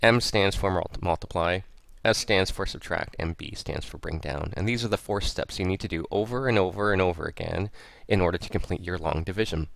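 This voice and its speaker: A man with a low voice and a gravelly edge walks through a math lesson one step at a time. He talks patiently, repeating each step aloud as he writes. The sound is dry and close. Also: brisk, hardly any pauses, fairly bright tone, no echo. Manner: patient, repeats steps aloud while writing. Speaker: math teacher. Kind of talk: step-by-step tutorial explanation. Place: at a computer, recording a screen lesson.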